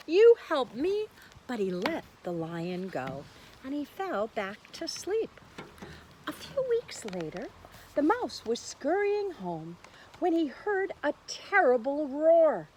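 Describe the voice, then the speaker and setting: A woman reads a picture book aloud to children for a church lesson. She takes her time, and her pitch swings wide and expressive. Now and then she drops into soft, quiet asides, with a faint noise behind her. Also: slow, poor audio.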